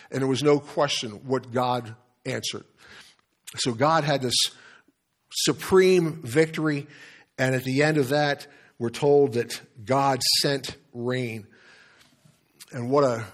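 A man preaching a sermon in an animated storytelling manner. He repeats words and chuckles as he speaks. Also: medium pitch. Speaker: pastor.

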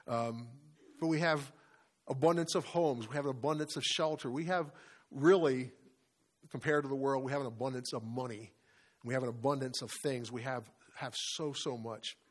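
Here a middle-aged man, likely a pastor or Bible study leader, preaches at normal speed in a medium-pitched voice. He is earnest throughout and asks his audience many questions.

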